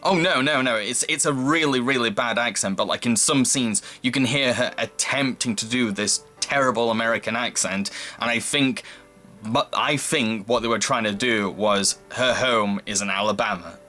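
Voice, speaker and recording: A man's voice: mid-range voice, moderate pace, sharp tone, faint music behind. Giggly man reviewing a film. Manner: giggly, rambling. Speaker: movie review host. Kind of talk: casual chat.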